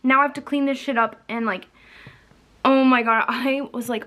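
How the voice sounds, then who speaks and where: Young woman vlogger, fairly high voice, candid and profane, animated storytelling. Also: normal speed. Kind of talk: casual storytime chat.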